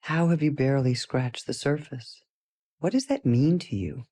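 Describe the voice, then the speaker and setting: A middle-aged woman teaching a personal development course, talking in a playful, animated way and laughing often. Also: a bass voice, moderate pace. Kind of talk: casual spoken lesson to listeners.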